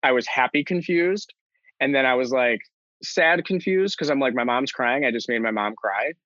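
A man's voice: mid-range voice, normal speed, a bit bright, no room sound. An earnest young man tells his own story in an interview, circling back and restarting as he goes. His voice sits mid-range and the sound is dry and a little dull, with no room around it. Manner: earnest, rambling with many fillers and restarts. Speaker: interview guest.

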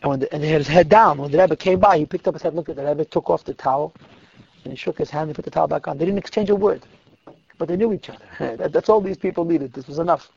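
Gravelly high-voiced man telling a story. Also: fast. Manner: animated and emphatic, repeats words for stress. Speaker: religious storyteller. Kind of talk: telling a Hasidic story to listeners. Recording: dull lo-fi, dry recording.

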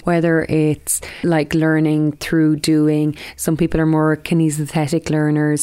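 A woman's voice: deep voice, darkish tone, no echo. A middle-aged woman with an Irish accent, a primary school teacher thoughtfully explaining her views on learning in an interview. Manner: thoughtful, earnest, measured. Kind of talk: reflective interview answers.

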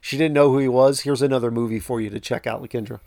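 A man co-hosting a movie podcast in casual chat, relaxed and teasing. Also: medium pitch, fast talker, vocal fry, no echo, clean studio sound. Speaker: podcast co-host.

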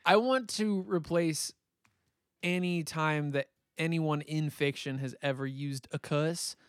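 A man's voice: on the high side, slow, clean tone, no room sound, studio quality. Playful male podcast co-host. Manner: playful, jokey, slips into silly voices. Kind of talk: casual movie chat.

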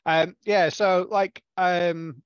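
A man's voice: sits high, steady tone, drawn-out words, smooth, dry recording. Easygoing man on a dull, lo-fi line. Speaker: player. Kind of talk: tabletop game play. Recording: dull lo-fi sound.

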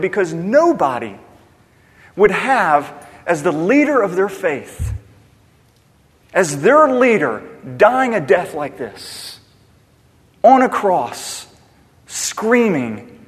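A man preaching a sermon with passion, swinging between loud emphasis and hushed, quiet lines. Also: sits high, big pitch swings, unhurried. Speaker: pastor. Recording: long hall reverb.

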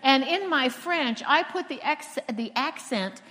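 A fairly high-pitched woman preacher, originally from Florida, delivers a sermon in a storytelling way, leaning on emphatic, dramatic pauses. Her voice rings out with a long reverb, as if recorded in a large hall. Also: lively intonation, sharp tone. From Florida, USA.

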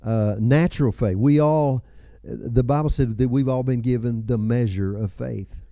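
Mellow-voiced man in his seventies preaching. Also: mid-range voice, unhurried, vocal fry, dry recording, clean studio sound. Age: 70s. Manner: folksy storytelling with chuckles and personal asides. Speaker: pastor. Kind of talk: sermon.

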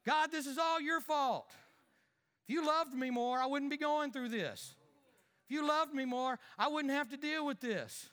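A man's voice: extremely high pitch, measured pace, fairly bright tone, long reverb tail. A man playing a sulky, grumbling churchgoer. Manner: muttering complaints under his breath, fake cheer to others. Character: grumbling married male churchgoer, sulky and petty. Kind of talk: comic skit within a sermon.

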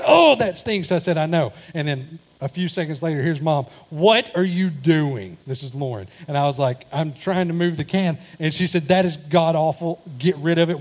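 Animated man telling a story. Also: a little high. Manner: animated storytelling, acting out quoted family members. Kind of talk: humorous sermon anecdote.

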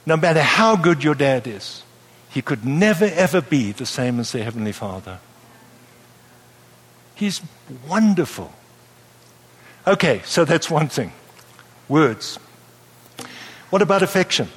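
A man preaching a sermon to a live audience in a lively, playful way, often checking that his listeners follow him. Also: fairly high pitch, a little slow, long pauses, breathy edge. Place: church hall with a live audience. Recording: long hall reverb.

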